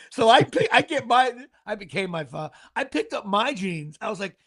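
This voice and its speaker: A man's voice: sits high, animated, a little fast, fairly bright tone. A middle-aged man, hosting a show in casual, comedic, profane chat with stammering repeats. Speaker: podcast host.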